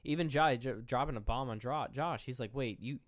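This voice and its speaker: A man's voice: mid-range voice, a little fast, dry recording, studio quality. A young man co-hosting a casual film review podcast, rambling as he retells scenes with quoted lines and frequent swearing. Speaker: podcast co-host.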